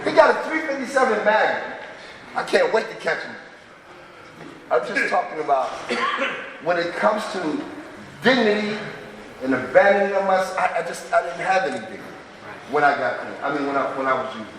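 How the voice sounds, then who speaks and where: A man's voice: a little high, very animated, normal speed, long pauses, a bit bright, slight background noise. A middle-aged man telling raw, profane stories of his past at a twelve-step recovery meeting. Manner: raw, profane, street-talking storyteller. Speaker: speaker sharing at a recovery meeting. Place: large meeting hall. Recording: echoey hall, distant mic.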